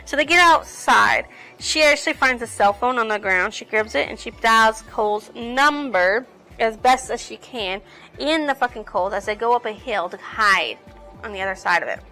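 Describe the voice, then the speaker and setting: Bright-voiced woman rambling through a recap. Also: fairly high pitch, animated, normal speed, faint music behind, poor audio. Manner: rambling, self-correcting, swears casually. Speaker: book reviewer. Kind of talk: casual plot recap.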